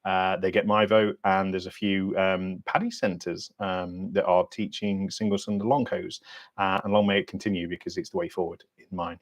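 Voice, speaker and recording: A British man hosting a diving channel's livestream Q&A, talking bluntly in sweary, matey banter with lively swings in pitch and loudness. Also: moderate pace. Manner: animated, lively ups and downs in pitch and loudness.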